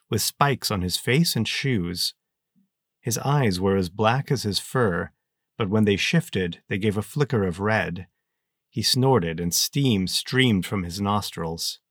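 A man narrating an audiobook in a steady, measured storytelling manner on a close mic. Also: on the low side, no echo.

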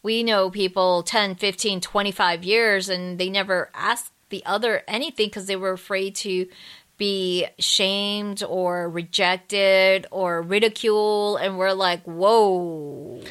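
A woman's voice: mid-range voice, fairly even intonation, a little slow, a bit bright, smooth. Upbeat woman co-hosting a podcast. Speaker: podcast co-host. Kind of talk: casual podcast chat.

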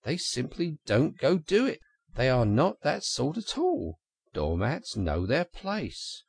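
A man voicing a fussy, pettish male mole who whines in a high, fretful voice. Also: very animated, a little slow, vocal fry, dry recording, exaggerated voice. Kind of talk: audiobook character reading.

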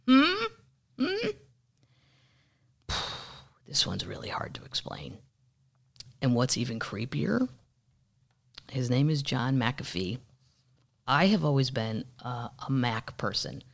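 A woman comedian hosting a show, telling stories in a casual, rambling way, with chatty slang and quick jumps into silly voices. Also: extremely low pitch. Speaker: comedian podcast host.

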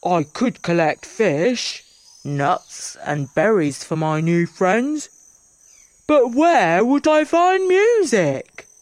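A woman voicing a grumpy young bear in a storybook reading, in a gruff, grumbling manner. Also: mid-range voice, big pitch swings, drawn-out words, a little mellow.

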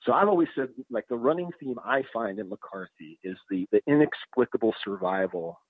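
A man's voice: lowish voice, expressive, brisk, no echo. A man talking casually and thoughtfully about books, with frequent restarts and hesitations. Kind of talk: casual conversation. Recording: dry tinny phone-like sound.

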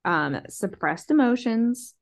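A woman's voice: on the high side, lively intonation, takes it slowly. A young woman co-hosting a podcast in casual chat, laid-back, slangy and teasing. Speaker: podcast co-host.

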